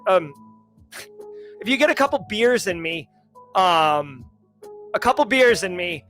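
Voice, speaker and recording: A man with a Massachusetts accent hosting a casual livestream chat, joking and animated as he talks to his viewers. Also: high voice, a little slow, long pauses, faint music behind. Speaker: livestream host.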